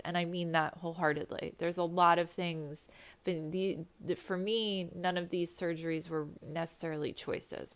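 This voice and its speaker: A woman with a stuffy nose after nasal surgery, hosting a podcast on a makeshift backup mic in a candid, profane, rambling chat. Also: on the low side. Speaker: podcast host. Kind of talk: casual chat.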